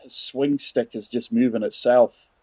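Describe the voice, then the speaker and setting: A man doing casual gameplay chat, forties, husky, dry close sound. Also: medium pitch, fairly even intonation, a little slow, mellow, no room sound. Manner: chatty, rambling, talks to viewers as guys. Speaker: gaming channel host.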